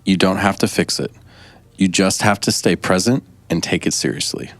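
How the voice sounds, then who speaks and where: A man's voice: sits low, normal speed, a bit bright, no echo. A man co-hosting a podcast, moving the conversation from one topic to the next. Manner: steering, moves the talk along to the next topic. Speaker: podcast co-host. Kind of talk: casual faith-based discussion.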